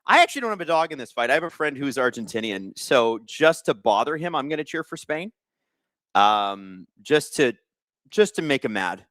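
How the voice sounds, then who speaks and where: Lively, bright-voiced chatty male host. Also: mid-range voice, normal speed, dry recording. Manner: chatty, reads viewer comments aloud, joking. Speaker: livestream host. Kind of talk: casual live watch-along chat.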